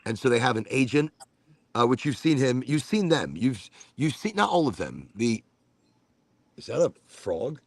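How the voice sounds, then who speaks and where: Rambling gravelly-voiced American man. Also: mid-range voice, moderate pace, dry recording. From United States. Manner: rambling, animated, swears casually. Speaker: podcast host. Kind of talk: casual chat.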